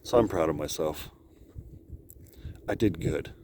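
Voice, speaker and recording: A man rambling to his camera outdoors on a cold high lookout, laughing often and talking to himself. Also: big pitch swings, very slow, long pauses, noisy background. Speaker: vlogger. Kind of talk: casual rambling vlog.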